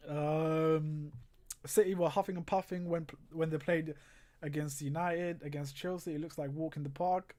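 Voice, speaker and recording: An exasperated livestream host gives casual live commentary on a football match in a medium-pitched, steady, dark-toned voice. He sounds sarcastic and frustrated, often breaking into laughter, and frequently stops to read viewer comments aloud.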